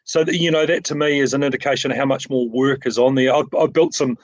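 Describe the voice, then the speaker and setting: A man's voice: medium pitch, fairly even intonation, fast talker, dry recording, poor audio. Modest New Zealand man on a video call. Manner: modest, rambling, many fillers and restarts. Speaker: framing shop owner. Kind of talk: casual interview.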